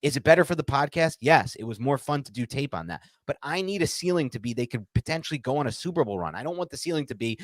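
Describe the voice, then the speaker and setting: Fast-talking, animated male sports podcaster. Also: mid-range voice, no echo. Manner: animated, rapid and frank, acting out quotes. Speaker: podcast co-host. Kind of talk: casual sports chat.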